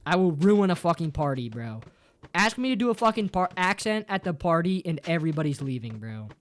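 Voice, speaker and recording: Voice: sing-song, brisk. A streamer chatting casually with viewers in a playful, jokey way, swearing a lot and ending sentences with "bro". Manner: playful and jokey, with big jumps up and down in pitch. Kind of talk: casual livestream chat with viewers.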